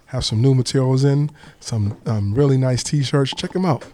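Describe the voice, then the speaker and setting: A man's voice: mid-range voice, normal speed, dark tone. A man hosting a casual podcast, playful and laid-back, often repeating himself. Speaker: podcast host.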